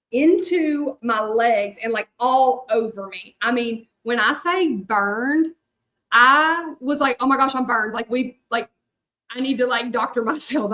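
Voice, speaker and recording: Woman, fairly high voice, chatty, rambling, talks to viewers while hand-lettering. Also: fairly bright tone. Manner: chatty, many fillers, addresses viewers as y'all. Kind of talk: casual storytelling while lettering.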